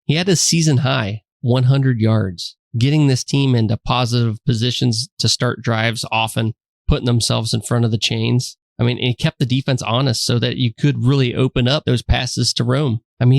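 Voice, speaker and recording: Gravelly, joking sports podcast co-host. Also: male voice, medium pitch, moderate pace, no room sound, clean studio sound. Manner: laid-back, joking, slangy. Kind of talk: casual sports chat.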